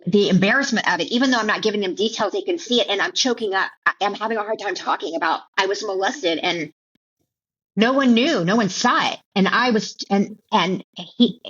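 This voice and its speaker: A middle-aged woman telling her personal story as an interview guest, halting and emotional, with many restarts and repeated words. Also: mid-range voice, a bit bright, breathy edge. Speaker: author and keynote speaker, guest. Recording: dull lo-fi audio.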